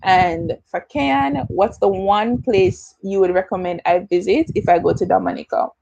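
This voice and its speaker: Young Jamaican woman, livestream host, casual chatter with patois, mid pitch, dry close sound. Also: normal speed, gravelly, darkish tone, husky, dry recording, dull audio. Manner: chatty, slips into patois, answers viewer comments. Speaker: YouTuber hosting a livestream Q&A.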